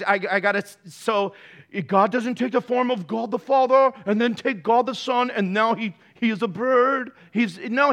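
A man's voice: high-pitched, fairly bright tone. A man preaching a casual sermon, with playful, jokey asides to the congregation. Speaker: pastor.

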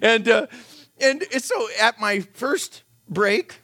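A middle-aged man preaching, telling a humorous personal story in an animated, self-deprecating way and laughing as he goes. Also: very high-pitched, takes it slowly.

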